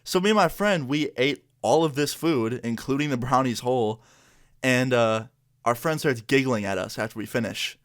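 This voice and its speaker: A man's voice: medium pitch, normal speed. A young man casually telling a story in a laid-back, slangy way, full of "like" and "you know.". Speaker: vlogger.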